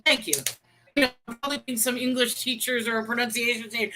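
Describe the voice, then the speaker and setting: Faint music plays behind a woman with a high-leaning, sharp voice who speaks quickly in a steady tone, and the audio is poor. As co-host of a casual livestream discussion, she chats away, pokes fun at her pronunciation, reads the chat aloud, and welcomes viewers.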